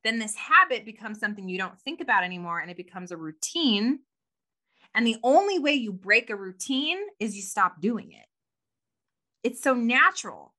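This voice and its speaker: A woman co-hosting a casual podcast chat, animated and laughing often, with many "like" fillers. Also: a little high, normal speed. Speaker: podcast co-host.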